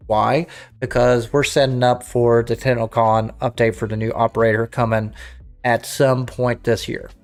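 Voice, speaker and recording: A man's voice: medium pitch, flat delivery, normal speed, soft background music. Rambling livestream host, man. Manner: rambling, self-interrupting, clears throat. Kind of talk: casual livestream chat.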